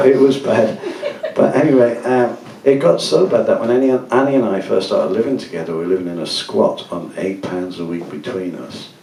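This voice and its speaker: A man's voice: fairly low pitch, moderate pace, a little mellow, slight background noise. A man, telling rambling, laughing anecdotes to an audience at a gallery event. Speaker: musician speaking at a book event. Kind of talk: casual talk to an audience. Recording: echoey room from far off.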